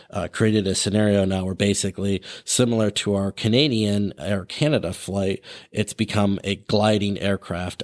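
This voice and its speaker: A man hosting a podcast, narrating an aviation story in a casual tone with fillers and asides. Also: lowish voice. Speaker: podcast host.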